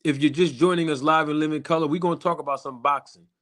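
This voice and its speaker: A man with a slightly higher voice hosts a live stream, talking straight to his viewers. He speaks emphatically and in repeating phrases, stretching out key lines for weight. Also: fairly even intonation, quick pace, fairly bright tone. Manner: emphatic and repetitive, addressing viewers directly. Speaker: boxing YouTube channel host.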